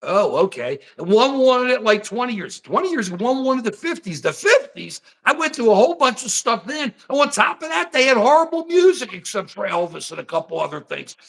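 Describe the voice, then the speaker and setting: A man hosting a casual political talk show, getting worked up and animated as he argues. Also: extremely high pitch, a little fast, gravelly, hardly any pauses. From United States. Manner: animated, talks himself into fervor. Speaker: host.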